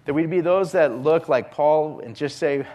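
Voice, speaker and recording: A man preaching a sermon as a pastor, earnest, often dropping his voice to a hushed whisper on key phrases. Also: on the high side, moderate pace.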